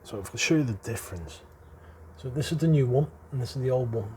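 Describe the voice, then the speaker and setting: A man's voice: medium pitch, expressive, fast, dark tone, a little hiss or hum. A middle-aged British man with a chatty, explanatory way of talking, walking through a hands-on repair. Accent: British English. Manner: chatty and explanatory, chuckles between points. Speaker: airgun hobbyist presenter. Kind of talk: casual hands-on repair walkthrough.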